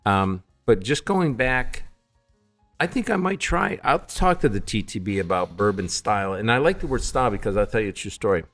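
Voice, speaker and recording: A middle-aged man from Upstate New York telling stories as a distillery founder being interviewed, acting out calls in other voices. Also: on the low side. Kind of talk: casual storytelling in a podcast interview.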